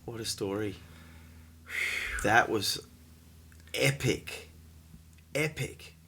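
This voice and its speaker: A man's voice: on the low side, extremely slow, pushed and bright, husky. A man hosting a podcast, reacting to his guest with enthusiastic exclamations. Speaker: podcast host. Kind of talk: casual interview.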